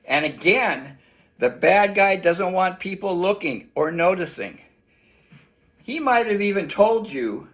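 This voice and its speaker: High-voiced, slow-talking man teaching kids. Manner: animated, acts out shouts for kids. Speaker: self-defense instructor. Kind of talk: children's lesson.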